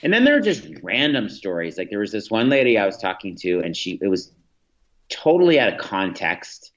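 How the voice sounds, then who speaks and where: A man's voice: lowish voice, very animated, fairly quick, a bit bright, highs cut off. A man, a podcast guest, telling reflective stories in an interview, with many restarts and fillers. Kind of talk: storytelling in an interview.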